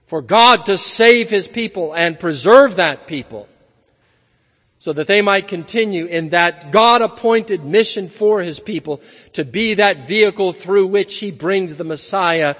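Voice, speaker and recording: A man's voice: high voice, lively intonation, measured pace, fairly bright tone, long reverb tail. A man preaching an evening sermon in an earnest, emphatic manner, building his points through repeated phrases.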